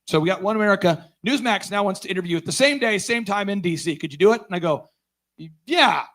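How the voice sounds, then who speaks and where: A man's voice: high voice, fast. A man giving a storytelling talk at a conference, acting out the dialogue he quotes. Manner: animated, acts out quoted dialogue. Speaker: conference speaker.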